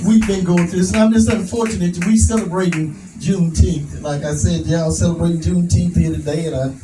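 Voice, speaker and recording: A man's voice: high-pitched, steady tone, brisk, music in the background. Folksy, rousing man speaking in an echoey hall. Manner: rousing, folksy, laughs at his own jokes. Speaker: advocate speaker. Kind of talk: preacher-like speech at a prayer breakfast. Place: event hall. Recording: echoey room from a distance, noisy.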